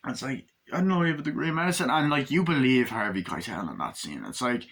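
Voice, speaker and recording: Casual male film reviewer, bright voice, excitable, swears freely. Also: mid-range voice, fast. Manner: excited, profane, acts out scenes. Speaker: movie reviewer.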